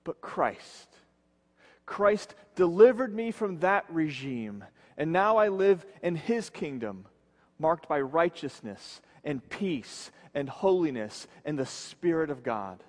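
Pastor guy preaching slow n earnest, voice a bit high, drops low on the big words, long hall echo. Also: big pitch swings. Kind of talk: sermon.

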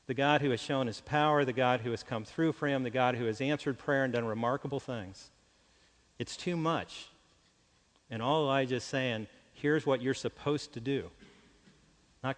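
A man preaching an earnest sermon, dropping to a hushed voice when he speaks God's lines. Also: medium pitch. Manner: earnest, shifts to hushed quiet voice when quoting God. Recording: long hall reverb.

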